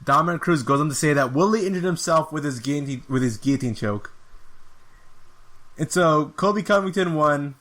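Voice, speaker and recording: A man's voice: fairly high pitch, animated, brisk, a bit bright. A man hosting a podcast, giving a casual, rambling fight review with an exasperated tone and lots of filler words. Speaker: podcast host.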